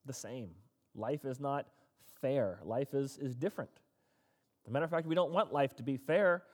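A man preaching a conversational sermon who acts out quoted complaints in a raised voice. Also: a little high. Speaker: pastor. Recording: long hall reverb.

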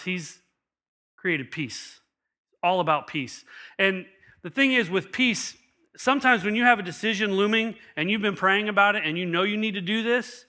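A middle-aged man, a pastor, preaching a sermon with animated storytelling and acted-out quotes. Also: high voice.

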